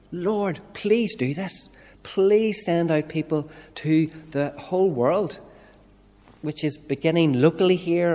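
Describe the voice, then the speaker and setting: Northern Irish minister preaching in a reverberant church. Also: male voice, mid-range voice, darkish tone. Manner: conversational preaching with rhetorical questions. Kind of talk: sermon.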